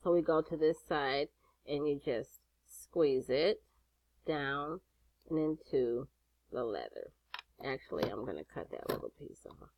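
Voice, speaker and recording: A sassy older woman talks through a craft tutorial at an unhurried pace, her pitch swinging up and down as she chats. She swears now and then. The room is dry and close, with no echo. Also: expressive, darkish tone. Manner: sassy, chatty, swears casually. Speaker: jewelry-making instructor.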